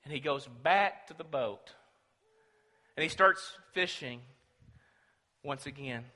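A man preaching a sermon, telling the story dramatically and swinging between loud and hushed. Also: mid-range voice, takes it slowly. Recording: long reverb of a large hall.

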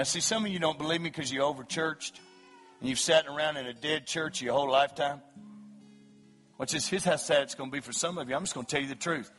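Impassioned male preacher, pleading to shouting. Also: on the high side. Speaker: pastor. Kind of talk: evangelistic sermon. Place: church service.

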